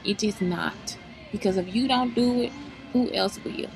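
A woman's voice: mid-range voice, measured pace, gravelly, music in the background, poor audio. A woman giving blunt, profane motivational advice straight to her viewers, in a preachy vlog style. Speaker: vlogger giving life advice.

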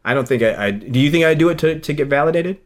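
A man's voice: a little high, animated, quick pace. Rambling, heartfelt male podcast host. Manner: emotional, rambling, restarts often. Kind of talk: casual podcast chat.

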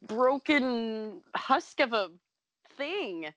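A woman's voice: on the high side, drawn-out words, no echo, highs cut off. A woman co-hosting a casual podcast chat, ranting with lots of swearing. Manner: animated, profane ranting. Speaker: podcast co-host.

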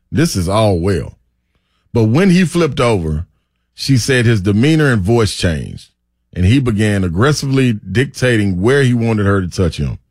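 A man's voice: medium pitch, darkish tone, no echo. A man, co-hosting sports radio in colloquial, laughing banter at a studio microphone.

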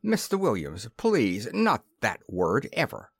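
A man's voice: mid-range voice, huge pitch swings, a little slow, slightly rough, no echo, full character voice. A man doing an oily, fawning hotel keeper. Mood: smooth, reproachful. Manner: unctuous, pleading.

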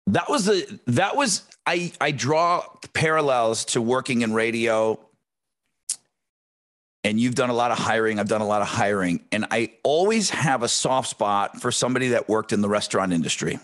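A man co-hosting a podcast chats casually and swears freely, telling stories with animation and mimicking yelling relatives. He speaks at a moderate pace and medium pitch.

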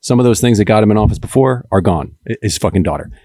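A man co-hosting a comedy podcast who talks in a relaxed, casual way and chimes in with short agreements. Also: fairly low pitch, fast, no echo, clean studio sound. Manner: laid-back, agreeing with short backchannels. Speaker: podcast co-host. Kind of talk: casual political podcast chat.

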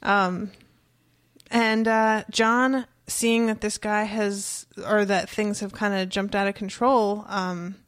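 A woman's voice: medium pitch, flat delivery, takes it slowly, dry recording, studio quality. A woman in casual chat, recapping a story and acting out the characters' lines, with easy laughs. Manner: chatty, laughs easily, retells scenes with quoted lines. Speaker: podcast co-host discussing a book.

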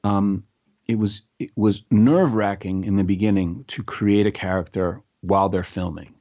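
Deep-voiced middle-aged guy chatting, lots of restarts, kinda muffled lo-fi sound. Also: fairly even intonation, normal speed, mellow, no room sound. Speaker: actor guest. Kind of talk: casual interview chat.

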